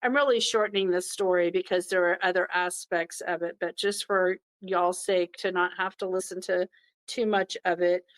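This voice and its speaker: A woman's voice: lowish voice, steady tone, moderate pace, poor audio. A middle-aged woman tells a personal story from the heart and acts out the voices of the people in it. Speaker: podcast host.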